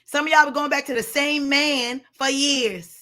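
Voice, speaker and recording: A woman's voice: high voice, fairly even intonation, moderate pace, bright, forceful tone. A woman giving a blunt, preachy motivational talk on a live stream, speaking straight to her listeners as sis and y'all.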